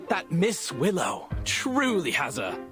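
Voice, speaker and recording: A man's voice: sits high, wildly swooping pitch, takes it slowly, full character voice. An actor playing a bouncy, self-important male civil servant who talks in an exuberant, boastful and theatrical way in game dialogue. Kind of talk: video game voice acting. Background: music.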